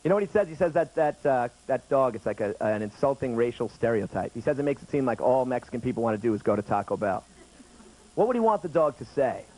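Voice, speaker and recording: A man's voice: medium pitch, sing-song, fast talker, darkish tone. A man in his thirties performing a stand-up routine on a late-night TV stage, chatty and acting out other people's lines. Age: 30s. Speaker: stand-up comedian. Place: TV studio stage with audience. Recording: noisy 1990s TV broadcast audio.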